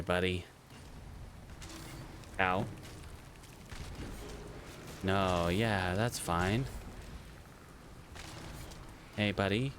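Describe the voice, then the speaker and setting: A man's voice: low voice, background noise. A man casually commenting as he streams a game, chatting to viewers and to creatures on screen.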